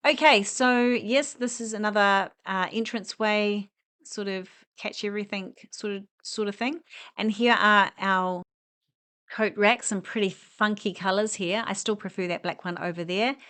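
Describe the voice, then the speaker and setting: A woman's voice: mid-range voice, steady tone, moderate pace, fairly bright tone, smooth. A woman chatting enthusiastically as she walks through a large furniture store, full of rambling asides. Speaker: home decor vlogger. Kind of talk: casual walk-through chat.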